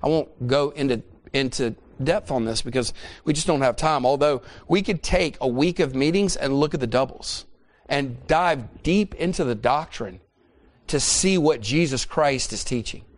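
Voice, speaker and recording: A middle-aged man preaching a sermon. He is emphatic and often repeats phrases to drive a point home. His voice sits in a middle pitch. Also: normal speed.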